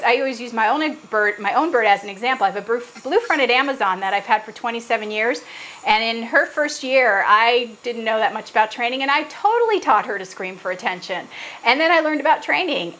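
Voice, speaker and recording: A woman's voice: on the high side, sharp tone, low-quality recording. A middle-aged woman, an animal trainer, patiently explaining parrot training with examples over a video call. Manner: earnest, patient, example-driven.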